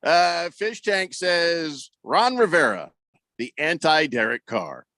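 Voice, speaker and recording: A sports radio host talking casually, his fairly high voice swooping widely as he mocks and jokes. He reads listener messages aloud with animated delivery. The studio sound is dry and close. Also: slow pace, no room sound.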